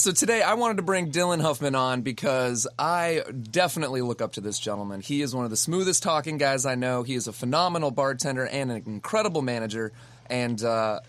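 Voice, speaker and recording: A man co-hosting a podcast, introducing a guest with warm praise in casual chat. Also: mid-range voice. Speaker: podcast co-host.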